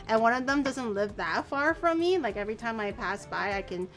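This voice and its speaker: A woman hosting a casual chat stream, telling stories in an animated, rambling way. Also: fairly high pitch, fairly quick, soft background music. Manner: chatty, animated storytelling with restarts. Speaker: streamer host.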